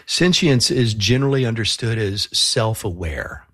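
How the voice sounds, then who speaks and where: A man talking as a guest on a Christian radio show, in relaxed and thoughtful casual talk, with many fillers and restarts and frequent chuckles. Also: lowish voice, moderate pace, breathy edge, no room sound, studio quality. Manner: chuckles often while talking.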